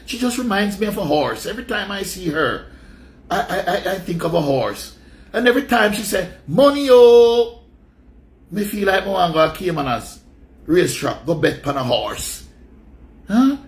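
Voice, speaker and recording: A Jamaican man giving a mocking countdown commentary, rambling and calling out each entry in loud, drawn-out announcements. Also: high voice.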